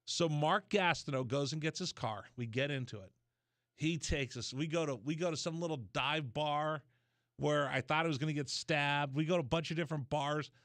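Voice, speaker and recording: A man hosting a radio show, telling a rambling story in a casual, animated way. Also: on the high side, normal speed, no echo. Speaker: radio host. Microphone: studio mic.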